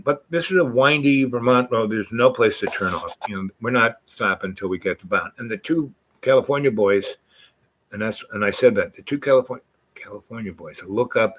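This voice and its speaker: An older man with a fairly low, voice spins a long tale in a loose, rambling way. He jumps between thoughts and now and then slips into the voices of the people in his story. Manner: rambling, animated, acts out voices in quotes. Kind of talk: casual spoken storytelling.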